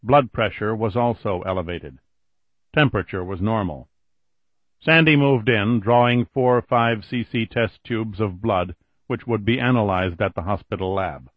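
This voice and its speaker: A man narrating an audiobook in a steady, even reading voice, on a dull lo-fi recording. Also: fairly low pitch, moderate pace, no echo. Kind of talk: scripted narration.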